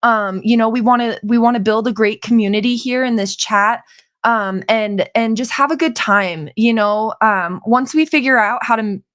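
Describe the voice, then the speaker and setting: A supportive woman co-hosting a podcast, with a slightly high voice. She chats casually and reads out viewer comments, leaning on plenty of fillers. Her delivery stays relaxed and conversational throughout. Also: moderate pace. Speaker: podcast co-host. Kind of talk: casual chat.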